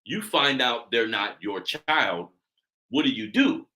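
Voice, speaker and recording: A man hosting a casual podcast, animated, calling his listeners family and laughing easily. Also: medium pitch, takes it slowly. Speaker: podcast host.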